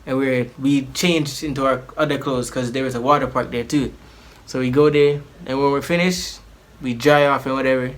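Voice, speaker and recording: A man's voice: medium pitch, moderate pace. A man telling a personal story in a casual vlog, rambling and slangy, with many restarts. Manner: animated, acts out the people in his story.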